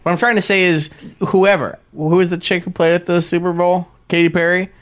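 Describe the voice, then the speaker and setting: A man's voice: sits high, flat delivery, brisk, a bit bright, a little hiss or hum. A man in his twenties in a casual podcast chat, ranting with strong opinions and frequent swearing. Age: 20s.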